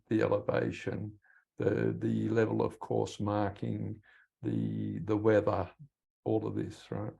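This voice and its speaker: Male podcast host, flat delivery, dark tone, unhurried. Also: lowish voice, vocal fry, muffled recording. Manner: measured, hesitant with fillers. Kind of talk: interview host wrap-up.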